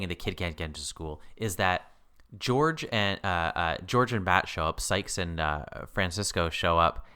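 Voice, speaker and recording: A man with a low-pitched voice co-hosts a podcast, chatting casually about a TV episode. He talks in quick, animated bursts and laughs often. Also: clear, resonant tone. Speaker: podcast co-host. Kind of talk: casual chat about a TV show.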